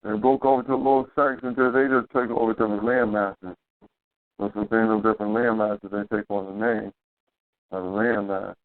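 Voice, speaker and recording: A man's voice: on the low side, fairly even intonation, fairly quick. A man hosting a casual talk radio show, loose and slangy, repeating his phrases. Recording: tinny phone line.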